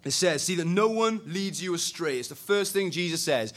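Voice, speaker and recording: A young man preaching a sermon, animated and conversational, swinging between loud emphasis and quiet earnestness. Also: high voice, brisk, few pauses.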